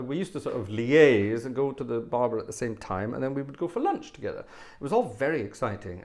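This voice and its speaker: A man's voice: mid-range voice, darkish tone. A man hosting a livestream, telling rambling personal anecdotes with plenty of fillers and wry, self-deprecating humour. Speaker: livestream host and organist. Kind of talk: casual storytelling.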